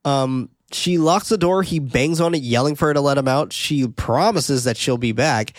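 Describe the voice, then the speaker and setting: A podcast host recaps a film casually, narrating its scenes and adding comments with the odd swear word. His medium-pitched voice moves at a moderate pace in clean studio sound without echo.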